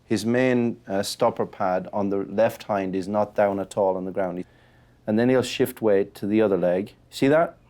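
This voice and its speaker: A man working as a veterinary surgeon, briskly explaining a dog's symptoms to its owners in a clinic. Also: on the low side, warm tone. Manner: brisk, explaining and pointing out signs. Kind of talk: consultation with pet owners. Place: vet clinic consulting room.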